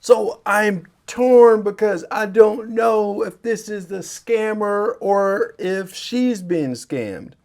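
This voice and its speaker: A man who works in cybersecurity, telling a scam story to his viewers in a lively way. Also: takes it slowly, hardly any pauses. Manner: lively, swings pitch and loudness when acting out chats. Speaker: cybersecurity vlogger. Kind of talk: animated storytelling to camera.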